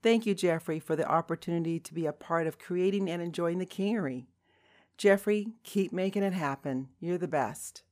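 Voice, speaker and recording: Woman, voice actor, cheerful congratulations, upbeat, lowish voice. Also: moderate pace, darkish tone.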